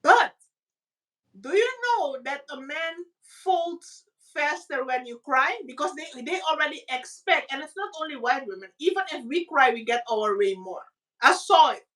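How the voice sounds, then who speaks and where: A Caribbean woman co-hosting a casual chat, telling stories with lively voice impressions. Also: moderate pace, distant mic. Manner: animated storytelling, acts out voices with high squeaky pitch jumps. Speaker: podcast co-host.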